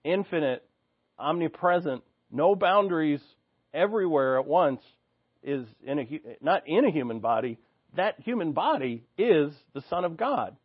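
A man's voice: fairly high pitch, expressive, moderate pace, breathy edge, dry recording, phone-quality sound. A man preaching an expository sermon, reading scripture aloud and explaining it in an earnest, teaching way, thinking aloud with restarts.

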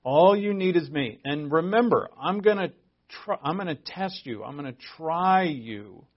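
A man's voice: a little high, lively intonation, unhurried. A man preaching a casual sermon as pastor, talking in a conversational, emphatic way with asides and restarts. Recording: dull lo-fi audio.

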